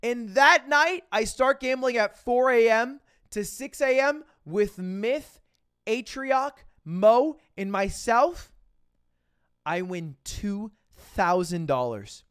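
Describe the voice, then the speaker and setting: A young man, a livestreamer, telling a story casually, animated and profane, acting out quotes. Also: very high-pitched, slow, smooth, no echo, studio quality.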